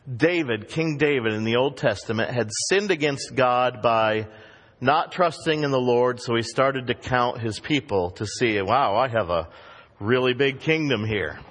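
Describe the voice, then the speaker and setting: A man preaching a sermon as pastor, emphatic and animated, acting out the voices he quotes. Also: mid-range voice. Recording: long reverb of a hall.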